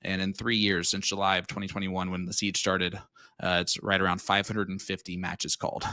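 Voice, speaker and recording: Bright-voiced joking man in his thirties. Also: low-pitched, level tone, brisk, dry recording, clean studio sound. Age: 30s. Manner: joking, teasing banter. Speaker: darts commentator. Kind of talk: casual live commentary.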